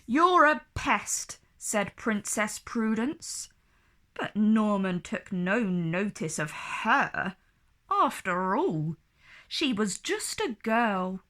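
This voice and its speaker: A woman reading a children's picture book aloud in an expressive, animated storybook manner. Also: mid-range voice, extremely slow.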